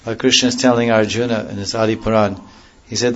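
A man giving a devotional lecture in a measured, explanatory way, often repeating and restarting phrases. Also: lowish voice, level tone, highs cut off. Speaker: religious teacher.

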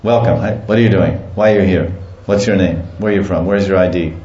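A man's voice: low voice, mellow, natural voice. A man playing a young male god who speaks like a curt policeman, firing off questions in a short, official way. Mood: stern. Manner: curt rapid-fire interrogation. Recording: echoey muffled room with faint ambience.

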